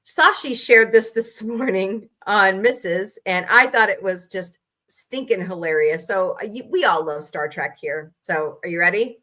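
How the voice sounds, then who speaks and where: A woman hosting a casual livestream from home, chatty and animated, reacting with quick outbursts. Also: mid-range voice. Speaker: livestream host.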